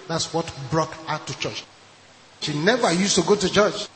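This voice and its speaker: A man's voice: on the high side, moderate pace, fairly bright tone, slight background noise. A Nigerian man preaching a sermon as pastor, emphatic and repeating his key points. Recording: echoey hall with long reverb.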